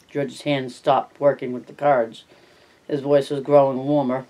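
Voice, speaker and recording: A reader narrating a novel aloud in a steady, plain manner, clearing the throat now and then. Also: mid-range voice, measured pace, poor audio.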